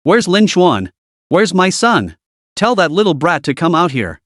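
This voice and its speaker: A man voicing a furious, violent mother who rants and yells threats at her son in an audiobook-style story. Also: high voice, very animated, unhurried, no echo, clean studio sound, heavily acted. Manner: ranting, yelling threats.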